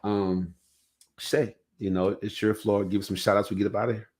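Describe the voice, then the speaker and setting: A man with a lowish voice hosts a laid-back podcast. He rambles through stories in a loose, conversational way and keeps checking in with his listeners. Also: little pitch movement, normal speed, a little mellow. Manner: loose, storytelling, heavy on "you know what I'm saying". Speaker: podcast host. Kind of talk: casual podcast chat.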